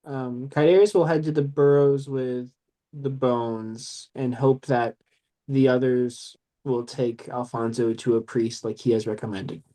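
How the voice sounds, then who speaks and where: A man speaking slowly in character during a tabletop game, with halting, formal broken phrasing. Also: medium pitch, fairly even intonation, warm tone. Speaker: player. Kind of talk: in-character tabletop role-play.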